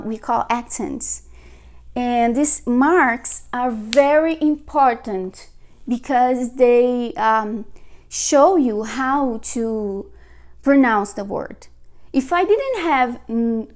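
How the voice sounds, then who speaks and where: A young Brazilian woman with a Brazilian Portuguese accent teaching a casual video lesson, repeating words slowly and checking in with "okay?". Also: on the high side, darkish tone.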